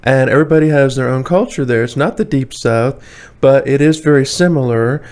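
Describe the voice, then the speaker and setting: A man's voice: mid-range voice, a little fast, a little mellow, clean tone. Chatty man with a Tidewater Virginia accent. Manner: chatty, rambling, many fillers, chuckles often. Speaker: vlogger. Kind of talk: casual opinionated monologue. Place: indoors, warm room.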